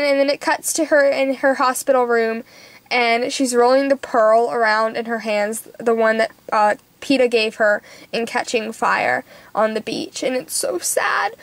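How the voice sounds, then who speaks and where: A woman's voice: a little high, dry recording. A young woman vlogging a casual movie review, gushing and emotional, rambling with lots of fillers.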